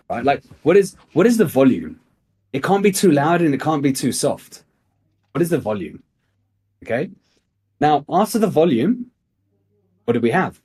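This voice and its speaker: A man's voice: fairly high pitch, sing-song, normal speed, long pauses, darkish tone, husky. A young man coaching salespeople in an emphatic, motivational way, swearing casually as he teaches.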